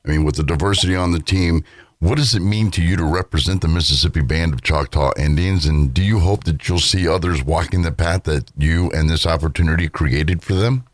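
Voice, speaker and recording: A man with a very deep voice hosts a morning radio interview. He heaps praise on his guest in an effusive way. The sound is dry and close to the mic. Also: fairly quick, dry recording. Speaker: radio morning show host.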